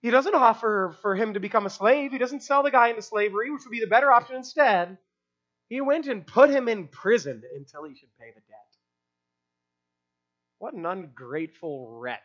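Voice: medium pitch, animated, moderate pace, fairly bright tone, dull audio. A preacher giving an expository sermon in a conversational way, asking rhetorical questions and using casual fillers.

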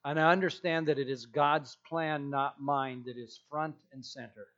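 A man's voice: medium pitch, steady tone, moderate pace, a bit bright, lo-fi sound. A male pastor preaching a sermon in an emphatic way, repeating key phrases for weight.

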